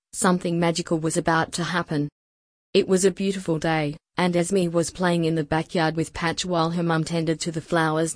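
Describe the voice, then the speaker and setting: A woman narrating a children's storybook in a gentle, soothing bedtime manner. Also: lowish voice, no echo, studio quality.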